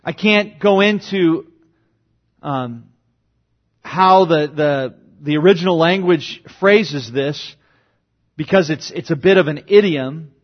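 A pastor speaks slowly in dull audio, going through a passage verse by verse in his sermon. His delivery is dynamic, and he acts out quoted cries with sudden, big rises in pitch.

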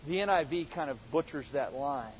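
Preacher, male, high husky voice, earnest and emphatic, dull lo-fi sound. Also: expressive, fairly quick, a little hiss or hum. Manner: earnest, building to emphatic quoted exchanges. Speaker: pastor. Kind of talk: sermon.

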